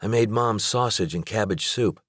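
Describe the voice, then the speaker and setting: A man voicing an earnest, emotional young woman, raising his pitch for her. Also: normal speed, fairly bright tone, husky, no echo, clean studio sound. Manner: high, trembling when emotional.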